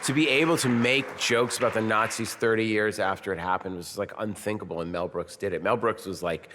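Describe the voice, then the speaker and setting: A man in his fifties tells stories on stage at a live podcast recording, often jumping into quoted film lines. His voice sits somewhat low. The sound carries a long reverb from the hall. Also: brisk, background noise. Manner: animated storyteller who bursts into quoted movie lines. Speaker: guest, film director and actor. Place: on stage at a film festival before an audience.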